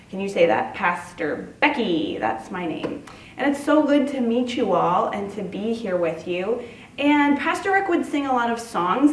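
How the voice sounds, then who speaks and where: A woman pastor giving a sing-song, animated children's sermon to preschoolers in a church. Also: mid-range voice, reverberant, recorded from a distance, slight background noise, poor audio.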